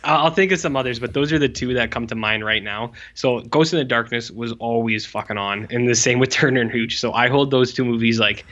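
Bright-voiced man, blunt movie chat. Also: medium pitch, a little fast, few pauses, highs cut off.

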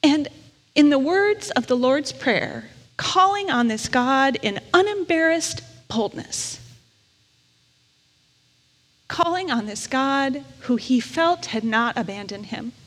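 A woman chaplain telling a personal story in a gentle storytelling sermon. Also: sits high, lively intonation, slow pace. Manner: gentle storytelling, briefly emotional. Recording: long reverb of a large hall.

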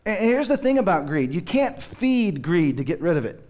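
A man's voice: high voice, big pitch swings, normal speed, darkish tone. A man preaching a sermon as pastor, telling stories with humor and acting out children's voices.

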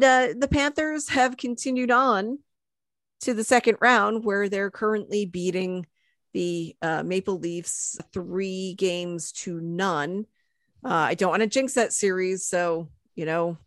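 A woman's voice: medium pitch, fairly even intonation, takes it slowly, a bit bright, dry recording, studio quality. A woman hosting a casual sports podcast, rambling and self-deprecating with lots of fillers. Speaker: podcast host.

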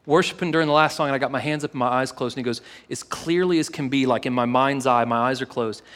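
A man preaching at a live church service, with an earnest, casual manner and a mid-pitched voice. He often repeats words and drops to a near hush when he prays. His voice rings out with a long reverb in a large hall. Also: quick pace, smooth. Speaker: pastor. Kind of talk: sermon with personal story and prayer.

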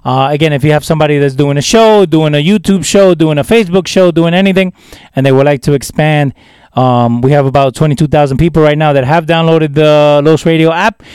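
An older man co-hosting a podcast in loose, animated casual chat, swearing freely and tossing in Spanish phrases. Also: a little high, fairly quick, clear, resonant tone, dry recording. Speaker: podcast co-host.

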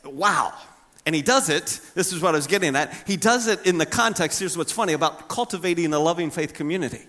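Bright-voiced middle-aged male pastor preaching. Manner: conversational, humorous, acts out quotes with lively pitch swings. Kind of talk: sermon.

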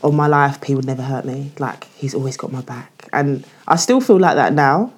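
A woman's voice: rumbling low, normal speed, slightly rough. A woman, speaking candidly in a casual podcast chat, full of "like" as she tells her story. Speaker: guest.

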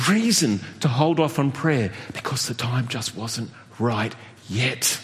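Animated preacher man in a reverberant hall. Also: slow. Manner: animated preaching with sudden high exclamations and laughs. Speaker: pastor. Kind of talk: sermon.

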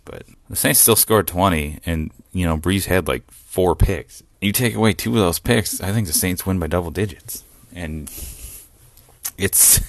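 A man with a very low, deep voice talks through a close podcast mic in a dry, dead room. He rants with excitement, swears freely and breaks into laughs often. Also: no room sound. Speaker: podcast host. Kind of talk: solo sports podcast rant.

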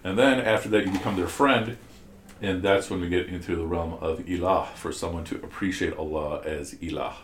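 A man with a low-pitched, fairly even voice teaches a class at a moderate pace, commenting on scripture and explaining ideas step by step. He asks his students questions and restarts often, and the recording sounds roomy with slight background noise.

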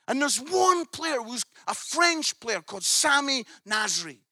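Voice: sits high, big pitch swings, unhurried, bright, forceful tone, no room sound, studio quality. A preacher telling a story in a sermon, swelling into emphatic outbursts.

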